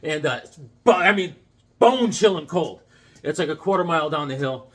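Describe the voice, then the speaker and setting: A middle-aged comic book collector with a slightly bright, higher voice and lively intonation speaks at a normal speed in a casual show-and-tell vlog. Between comics he tells a childhood story full of fillers and restarts.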